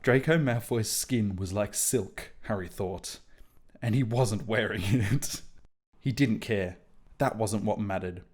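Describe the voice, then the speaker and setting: A man's voice: on the low side, slow, darkish tone, husky. A man reading out fan fiction with amusement and wry asides in between. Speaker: reader of AI-written fan fiction. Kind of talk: comedic dramatic reading.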